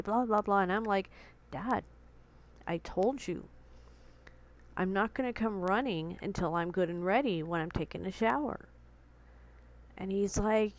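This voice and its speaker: A young woman with a mid-range voice vlogs from home, speaking a little slowly with long pauses over poor audio. She earnestly and emotionally retells a tense confrontation, quoting what was said, still shaken and with her heart pounding, in a personal storytelling vlog.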